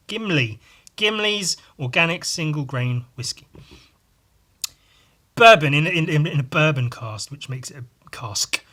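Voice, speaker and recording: A man's voice: medium pitch, sharp tone, husky. A man hosting a podcast, talking alone in a casual, rambling way, swearing freely and breaking off mid-sentence. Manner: sweary, rambling, self-interrupting. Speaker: podcast host.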